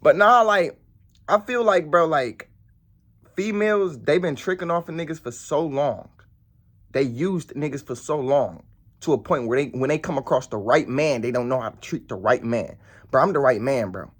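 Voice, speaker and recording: A man's voice: fairly high pitch, moderate pace. A man telling a story to camera in a blunt, profane, rambling way. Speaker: vlogger. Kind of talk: casual storytelling.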